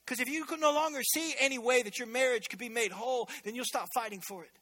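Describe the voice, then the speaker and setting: A man preaching a sermon as pastor in a church, energetic and conversational, with joking asides. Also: very high voice, quick pace.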